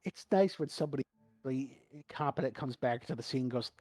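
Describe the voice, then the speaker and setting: A man's voice: medium pitch, brisk, a little mellow, no room sound. Ranting, profane male podcast co-host. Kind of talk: casual chat.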